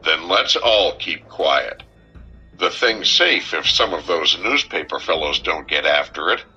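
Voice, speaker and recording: A man's voice: a bass voice, lively intonation, measured pace, sharp tone, slightly rough, exaggerated voice. A male narrator voicing a bewildered state governor who sounds exasperated and then conspiratorial. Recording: dull, muffled recording with faint music.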